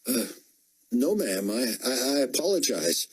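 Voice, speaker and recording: Brief: a nervous young enlisted guy, stammering yes-ma'ams, read by a male narrator, husky, lifted pitch. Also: sing-song, unhurried, darkish tone. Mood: flustered. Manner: hesitant, stammering, deferential.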